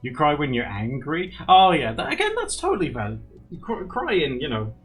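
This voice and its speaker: A man's voice: on the high side, wildly swooping pitch, normal speed. A young man hosting a casual livestream, chatting with viewers and reading their comments, laughing often. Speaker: livestream host. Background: faint background music.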